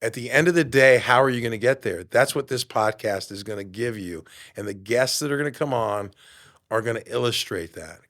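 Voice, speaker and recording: A man in his late fifties, a podcast host and fitness coach, giving an emphatic motivational talk in a studio, swinging between loud bursts and quiet asides. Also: on the low side. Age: 50s.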